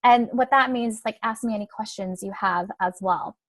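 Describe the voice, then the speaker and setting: A young woman coach, a little high-voiced, presents a webinar at a moderate pace with no echo. Her delivery is casual and conversational, and "right?" and "like" keep popping up after her points.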